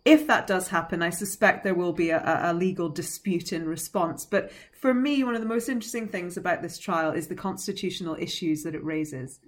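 Woman teacher breaking down politics on a podcast, measured and explaining, the odd little laugh. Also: on the low side, animated. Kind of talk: analytical podcast discussion.

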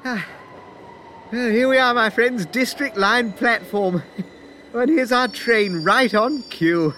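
A man's voice: sits high, pushed and bright, slight background noise. A man narrating a comic audio sketch, bumbling and chatty, talking to listeners as his friends.

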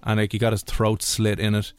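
A man's voice: on the low side, monotone, brisk, smooth. A man hosting a radio show, chatting casually in a rambling, jokey way. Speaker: radio host.

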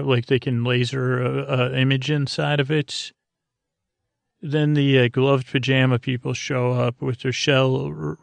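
A man's voice: mid-range voice, creaky, dry recording. A man hosting a podcast, giving a loose, meandering recap of an episode with many fillers. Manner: meandering, lots of uh fillers, paraphrases dialogue loosely. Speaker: podcast host.

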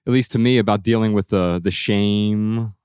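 A man hosting a podcast, musing thoughtfully and trailing off softly as he asks about a song. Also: on the low side, fairly even intonation, normal speed, clean tone, no echo, studio quality. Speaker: podcast host. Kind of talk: reflective interview talk.

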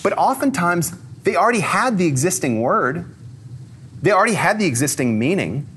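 Guy giving a live talk, kinda high voice, chatty with lots of "like", keeps asking the crowd stuff. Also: moderate pace, a little hiss or hum. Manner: lively and conversational, with many fillers, quizzing the audience. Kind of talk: interactive talk to a live audience. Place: talk venue with a live audience.

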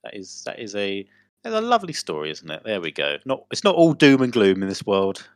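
Low-voiced man reading aloud, giggly. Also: huge pitch swings, brisk, no room sound, clean studio sound. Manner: giggly, breaks into loud laughter while reading. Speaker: podcast co-host. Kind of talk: casual chat, reading a news story aloud.

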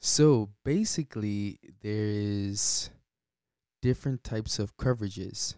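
Slow, smooth-voiced male podcast host. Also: lowish voice, dark tone, dry recording, clean studio sound. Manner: laid-back, chuckles often between points. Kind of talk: casual solo podcast talk.

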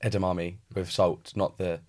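A man with a fairly low voice co-hosting a relaxed podcast. He jokes around, then pulls the chat back to work, speaking casually in a small room. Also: moderate pace. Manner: joking, steers talk back on topic. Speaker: podcast co-host, real estate advisor.

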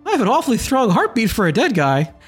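GM doing a high, chirpy jester, endlessly cheerful and clueless. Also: huge pitch swings, quick pace, breathy edge, soft background music. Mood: oblivious cheer. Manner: bubbly, gushing, oblivious. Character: relentlessly cheerful male jester troupe member.

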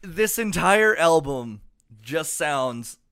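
A man's voice: fairly high pitch, expressive, drawn-out words, pushed and bright, smooth, dry recording, studio quality. A young man co-hosting a casual album review podcast, swearing a lot and rambling with fillers. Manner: profane, rambling, lots of fillers. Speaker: podcast co-host.

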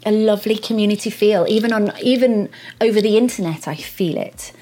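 A woman guest in a casual interview, speaking warmly and with a little hesitation. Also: medium pitch, brisk, rough recording.

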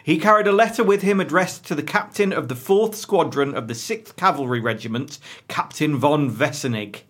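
A man's voice: high-pitched, animated, brisk, fairly bright tone, husky. A man hosting a casual podcast, reading an article aloud with wry jokey asides. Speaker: podcast host.

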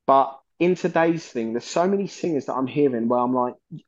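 A man's voice: medium pitch, a little fast, darkish tone, lo-fi sound. A man, a guest on a metal podcast, talking passionately and rambling, with plenty of swearing. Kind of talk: casual chat.

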